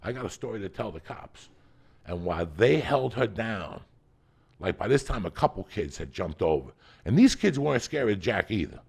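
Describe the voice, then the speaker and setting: A man telling a profane comic story as a podcast guest, swinging from loud shouting bursts to low muttering. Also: big pitch swings, normal speed. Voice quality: gravelly.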